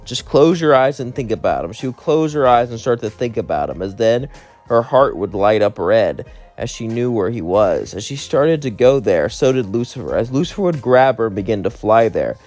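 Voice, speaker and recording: A man's voice: mid-range voice, big pitch swings, normal speed, a little mellow, soft background music. A man hosting a channel, narrating a fan story and chatting casually with many fillers.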